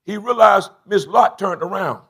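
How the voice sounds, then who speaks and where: A middle-aged man, preaching a sermon as bishop in a church, swinging from low confiding talk to shouted bursts. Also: moderate pace, husky. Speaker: bishop and pastor. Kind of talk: call-and-response sermon. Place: church sanctuary.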